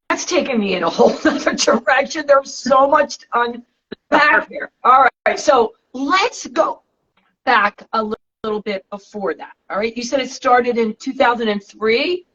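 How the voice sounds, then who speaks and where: A woman hosting a podcast interview, prompting her guest with short encouraging questions in a breathy voice. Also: on the high side, lively intonation, measured pace, a bit bright. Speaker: podcast host. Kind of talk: casual interview. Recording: dull lo-fi sound.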